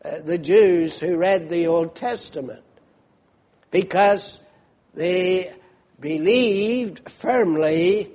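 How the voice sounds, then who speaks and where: A man preaching a sermon in a high voice at an unhurried pace. He tells the scene as a vivid story and invites his listeners to imagine it. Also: darkish tone.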